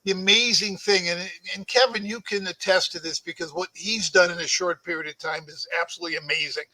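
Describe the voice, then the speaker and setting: Boston-accented male guest, chatty and bright, slightly high voice. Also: fairly even intonation, fast talker, low-quality recording. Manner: chatty, storytelling, self-promoting. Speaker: guest artist. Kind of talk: casual podcast chat.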